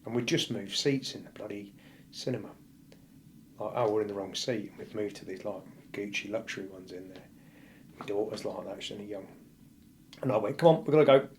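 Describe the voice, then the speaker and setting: A male firefighter appearing as a podcast guest tells a painful personal story bluntly and vividly, acting out what people said. His voice is fairly low and steady, fairly quick with long pauses, over slight background noise.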